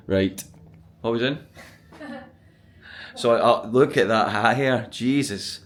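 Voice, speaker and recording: Slow and given to long pauses, a man with a mid-range voice vlogs casually from inside a resort. He's excitable and gushing, laughing frequently as he narrates.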